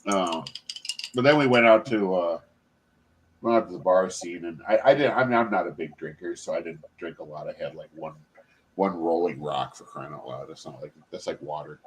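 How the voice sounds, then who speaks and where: A man's voice: low-pitched, normal speed, slight background noise. A man hosting a painting stream, chatting casually, swearing and laughing often. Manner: laughs a lot, swears freely. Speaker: stream host. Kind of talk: casual chat.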